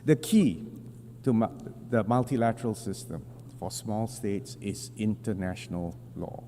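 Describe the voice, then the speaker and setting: A man giving a formal prepared speech to a large assembly, in measured, deliberate phrasing with emphatic stresses, at a podium microphone. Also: fairly low pitch, dark tone. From Singapore. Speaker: national representative addressing the General Assembly. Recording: long hall reverb with faint hum.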